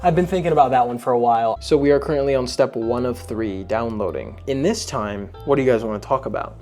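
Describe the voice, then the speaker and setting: A man's voice: mid-range voice, fast, a little mellow. Young man, casual home vlogger, over-the-top and self-mocking, cursing freely, faint music behind. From United States. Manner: dramatic, swearing, self-mocking. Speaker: streamer and vlogger. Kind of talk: casual vlog chat. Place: at home, setting up a computer.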